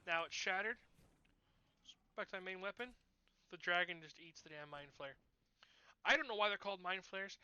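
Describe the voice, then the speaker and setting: A man's voice: high voice, sharp tone, clean tone, no echo, lo-fi sound. A man casually commenting while he plays a video game, rambling through explanations to his viewers. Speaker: gaming channel host.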